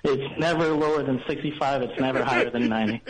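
Laid-back joking radio caller. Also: male voice, mid-range voice, steady tone, fast talker, crowd noise, rough recording. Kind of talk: call-in radio chat. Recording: radio call.

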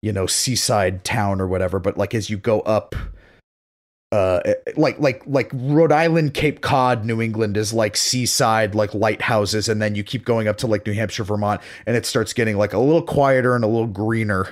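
A man's voice: lowish voice, fairly even intonation, normal speed. A man from Massachusetts chatting casually. He rambles and leans on "like", with casual swearing. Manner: rambling, filler-heavy, casually profane. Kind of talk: casual chat.

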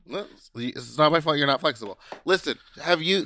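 A man co-hosting a podcast, telling stories in an animated, joking way. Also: fairly high pitch, quick pace, creaky. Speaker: podcast co-host. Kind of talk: casual chat.

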